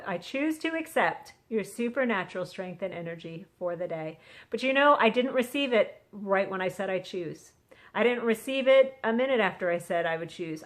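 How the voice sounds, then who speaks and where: A middle-aged woman talking earnestly into a phone on a selfie stick, sharing a casual Christian encouragement. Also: mid-range voice. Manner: chatty, earnest, acts out quotes. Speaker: vlogger sharing a devotional.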